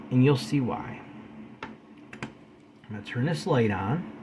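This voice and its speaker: A man's voice: a little high, slight background noise, low-quality recording. Earnest man pleading with his viewers. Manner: pleading, preachy, addresses viewers as guys. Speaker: spiritual video host. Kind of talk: earnest spoken talk to camera.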